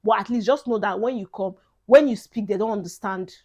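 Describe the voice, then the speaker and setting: A woman's voice: medium pitch, fairly quick, darkish tone. A young Nigerian woman vlogging advice in a chatty, emphatic way, dropping Pidgin phrases into her talk. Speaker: vlogger giving advice to incoming students. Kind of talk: casual advice vlog.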